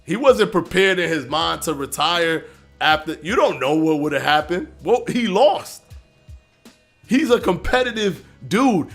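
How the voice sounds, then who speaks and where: A man hosting a live stream, arguing his points and answering chat comments in a casual, animated way. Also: on the high side, measured pace, soft background music. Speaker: livestream host reading chat.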